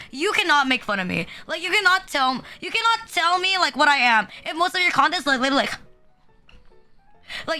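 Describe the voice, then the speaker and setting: A woman's voice: high voice, sharp tone. A woman streamer ranting casually to her chat, filling every sentence with "like" and swearing freely. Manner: heavy filler "like", swearing, exasperated ranting. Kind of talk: casual livestream rant. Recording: faint music behind.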